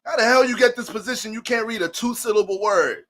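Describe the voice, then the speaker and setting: A man's voice: sits high, fast, a bit bright. A man giving a casual astrology talk that drifts into joking, profane storytelling, speaking loosely to his viewers as family. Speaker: astrology reader.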